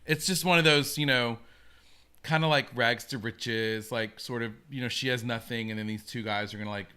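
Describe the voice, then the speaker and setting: A man hosting a relaxed live stream, talking in a bright, forward voice. He chats eagerly and answers viewer comments as they come in. His pitch sits in an ordinary middle range for a man. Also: normal speed, smooth. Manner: chatty, enthusiastic, reacts to viewer comments. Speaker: host. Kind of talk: casual live-stream chat.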